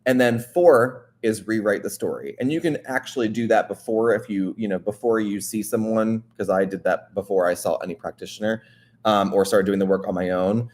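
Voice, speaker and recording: A man's voice: fairly low pitch, normal speed, darkish tone. A man hosting a wellness show, talking earnestly and directly to the listener in a casual, coaching way, often checking in with "right?". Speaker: wellness podcast host. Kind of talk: motivational casual talk.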